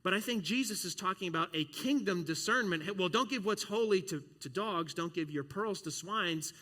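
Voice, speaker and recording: A man preaching a sermon as a pastor, telling stories in an animated way and acting out other voices. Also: moderate pace. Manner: animated storytelling, acts out voices with big pitch jumps. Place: church sanctuary. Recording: long church hall reverb.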